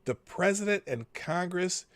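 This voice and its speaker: Male streamer host, animated delivery, sardonic commentary over read-aloud articles, dry sound. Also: high voice, a little slow, no echo. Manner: wry, chuckles while reading, frequent asides. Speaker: live-stream show host.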